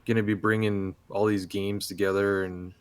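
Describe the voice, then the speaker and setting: A man's voice: on the low side, little pitch movement, normal speed, clean tone. A man on a gaming podcast panel who talks in a rambling, frustrated way and often repeats words. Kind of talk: casual panel chat.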